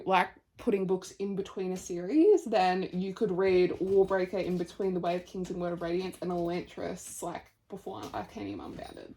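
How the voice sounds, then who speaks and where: Chatting in a reading vlog at home by her bookshelves, a young woman speaks with a medium-pitched, slightly mellow voice. She's gushing and chatty about her books, often dropping to a near whisper and breaking into laughter.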